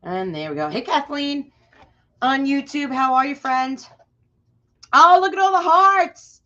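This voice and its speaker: A woman's voice: high voice, animated, unhurried, pushed and bright. A woman hosting a casual live crafting tutorial, chatting and greeting viewers by name. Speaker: craft livestream host. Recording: muffled lo-fi livestream audio.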